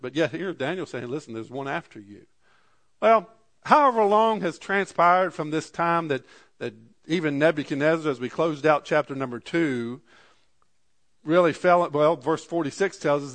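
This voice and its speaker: Brief: male pastor mid-sermon, slightly higher voice, measured scripture readings, quieter low asides. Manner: archaic scripture readings, repeated "Amen".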